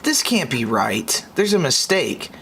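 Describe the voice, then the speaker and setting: Animated young man podcasting. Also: measured pace, creaky, slight background noise. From United States. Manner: exasperated, swinging between high outbursts and low muttering. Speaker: podcast host. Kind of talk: casual podcast reaction.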